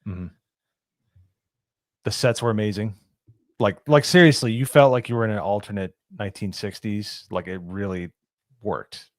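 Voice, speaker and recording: A man's voice: on the low side, normal speed, long pauses, no room sound, clean studio sound. A man co-hosting a casual movie review chat, talking in an enthusiastic, gushing way with lots of "like". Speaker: co-host of a movie review show.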